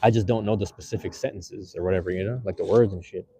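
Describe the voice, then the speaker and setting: A man's voice: sits low, quick pace, dark tone, slight background noise. A man streaming from his phone outdoors, chatting casually with his viewers in loose, slangy, rambling talk. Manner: loose slangy rambling, many fillers and restarts. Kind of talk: casual live-stream chat. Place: outdoors on the street. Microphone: handheld phone.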